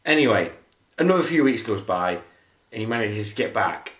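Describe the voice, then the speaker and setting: A man's voice: lowish voice, animated, normal speed, fairly bright tone, reverberant. A man co-hosting a podcast, telling a long anecdote in a rambling, casual way. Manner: rambling anecdote with acted quotes. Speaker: podcast co-host. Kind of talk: casual storytelling chat.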